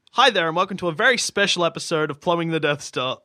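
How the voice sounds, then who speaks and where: A man's voice: on the high side, animated, brisk, pushed and bright, slight background noise. A man hosting a podcast, who keeps fumbling the intro between laughs and swearing. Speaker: podcast host reading the intro. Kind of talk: casual chat, repeated intro takes.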